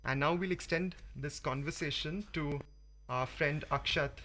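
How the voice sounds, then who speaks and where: A man hosting a casual community radio chat, animated and expressive. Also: on the high side, unhurried, slight background noise. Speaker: radio host.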